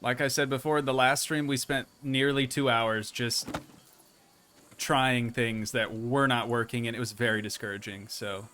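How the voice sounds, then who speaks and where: A man's voice: medium pitch, fairly even intonation, normal speed, bright, forceful tone. A young man casually commenting as he builds in a game, chatting to his viewers and thinking aloud. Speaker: streamer.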